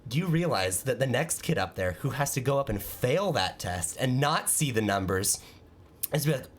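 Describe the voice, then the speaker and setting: A man hosting a podcast, telling an animated, self-mocking story in casual chat. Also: medium pitch, normal speed, husky. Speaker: podcast host.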